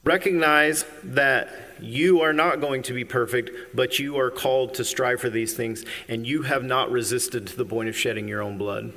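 A pastor preaching a sermon, earnest and emphatic, with occasional ums and uhs. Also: male voice, mid-range voice, fairly even intonation, moderate pace, gravelly, hardly any pauses, sharp tone. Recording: long hall reverb.

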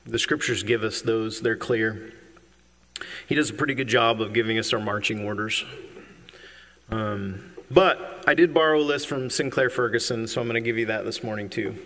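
A pastor preaching a sermon, earnest and emphatic, with occasional ums and uhs. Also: male voice, lowish voice, normal speed, a bit bright. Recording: long hall reverb.

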